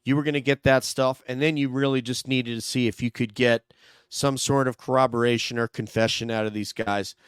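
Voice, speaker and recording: A man's voice: mid-range voice, steady tone, fairly quick, clear, resonant tone, dry recording, studio quality. A man hosting an online true-crime show in casual, loose chat. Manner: loose, chatty, laughs easily. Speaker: host.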